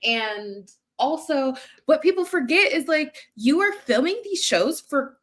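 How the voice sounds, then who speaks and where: Expressive woman co-host, slightly high voice. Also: unhurried. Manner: expressive, acts out quotes. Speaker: podcast co-host. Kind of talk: casual recap chat.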